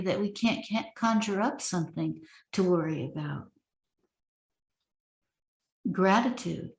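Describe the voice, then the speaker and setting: Slow-spoken woman leading a meditation. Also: medium pitch, dark tone. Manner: slow, measured recitation with long pauses. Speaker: meditation teacher. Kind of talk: guided meditation reading. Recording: echoey room.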